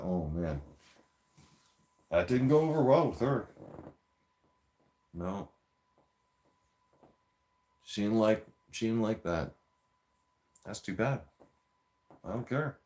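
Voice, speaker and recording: A man's voice: lowish voice, lively intonation, slow pace, pauses often, dark tone. A man telling a story in a heated, profane, rambling rant with frequent restarts, a few beers in. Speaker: vlogger.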